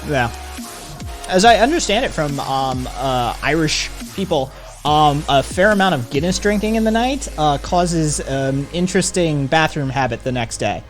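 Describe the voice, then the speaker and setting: A man's voice: a little high, animated, normal speed, faint music behind. A man hosting a live stream, chatting casually in a rambling, profane way. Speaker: streamer host.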